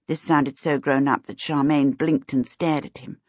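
Low, husky woman narrating a story. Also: dry recording. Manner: steady, measured storytelling. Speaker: audiobook narrator. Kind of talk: scripted narration. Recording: dull lo-fi recording, dry.

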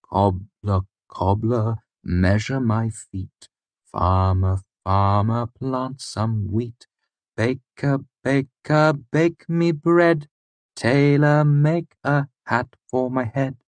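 A man's voice: rumbling low, normal speed, no room sound. A man reading the part of a patient, worldly innkeeper, wry and knowing in tone. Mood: sing-song.

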